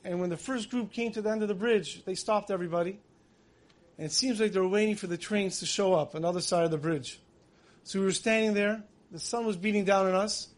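High-voiced man preaching dramatically. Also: a little fast. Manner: vivid, acts out quoted voices. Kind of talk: dramatic sermon storytelling.

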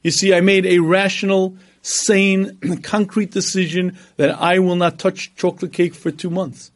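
A man's voice: high voice, flat delivery, measured pace. A man voicing the firm, reasoning inner voice of a dieting woman, close to his own speaking voice.

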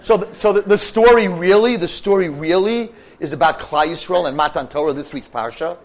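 An older man, a rabbi and teacher, giving a storytelling sermon in a yeshiva study hall, animated and breaking into shouts. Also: sits high, brisk, hardly any pauses.

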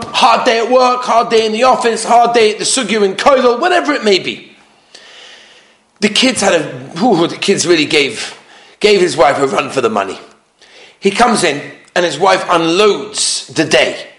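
A man, a rabbi, giving an animated lecture full of anecdotes, driving points home with emphatic repetition. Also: high voice, a little slow. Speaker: rabbi giving a talk on marriage. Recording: roomy echo.

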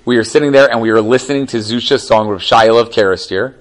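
A man's voice: medium pitch, fast talker, a little hiss or hum, low-quality recording. Chatty man teaching a lesson. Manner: chatty, animated, checks in with listeners. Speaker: religious teacher. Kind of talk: casual storytelling lesson.

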